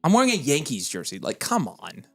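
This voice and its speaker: An excitable man co-hosts a casual livestream, reading viewer comments aloud and venting freely. His voice swoops through a wide range of pitch, over faint background music. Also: creaky. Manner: animated and excitable, quick to vent frustration. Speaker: co-host of a fantasy football livestream.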